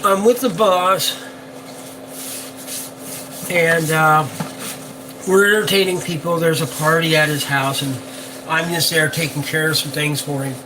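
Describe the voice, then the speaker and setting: A man's voice: a little high, steady tone, unhurried, long pauses. Older man rambling on a noisy boat stream. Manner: rambling, chatty, many fillers. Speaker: boat captain livestreamer. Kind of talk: casual live-stream chat. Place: on a yacht.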